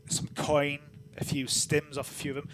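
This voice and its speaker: A man's voice: fairly high pitch, moderate pace, no echo. Easygoing male game master. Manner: relaxed, rambling with many fillers. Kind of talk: narrating a tabletop game.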